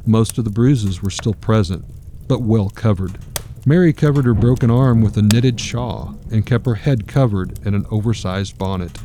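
Brief: male narrator, grave and measured, low and mellow, faint hiss behind. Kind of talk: dramatic storytelling narration.

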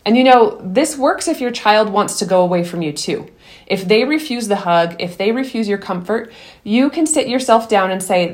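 A woman's voice: medium pitch, lively intonation, normal speed, darkish tone. Earnest woman giving parenting advice. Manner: earnest and encouraging, laughs now and then, restarts sentences. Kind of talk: earnest advice talk mixed with personal story.

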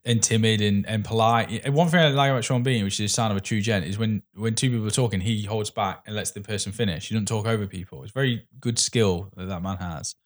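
A lower-voiced man chatting about films. He rambles and fills his sentences with "like" and "you know". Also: fast talker, hardly any pauses. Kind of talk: casual film chat.

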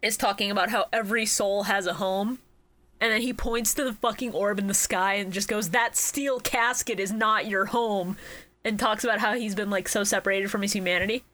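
Bright, playful woman. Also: mid-range voice, fairly even intonation, brisk. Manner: playful, laughs often, swears. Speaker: podcast co-host. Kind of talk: casual chat.

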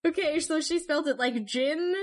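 A woman co-hosting a podcast in casual, joking chat who laughs often and turns brisk when going through history notes. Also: fairly high pitch, animated, fairly bright tone. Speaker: podcast co-host.

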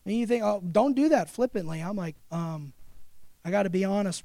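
A man preaches with a high, gravelly voice, recorded close and dry. He builds to loud, urgent exhortation, then drops to a quiet, confessional hush. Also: expressive, normal speed, dry recording. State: recovering from pneumonia. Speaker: pastor. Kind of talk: sermon.

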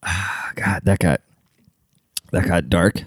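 A man's voice: sits low, fairly even intonation, moderate pace, long pauses, darkish tone, clear, resonant tone, dry recording, clean studio sound. A man rambling through a casual comic monologue, profane and self-deprecating, full of fillers. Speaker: comedian and podcaster.

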